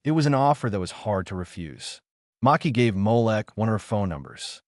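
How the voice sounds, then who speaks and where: A man's voice: fairly low pitch, very animated, normal speed, no echo, studio quality. A man narrating an audiobook of a translated novel in a plain reading manner.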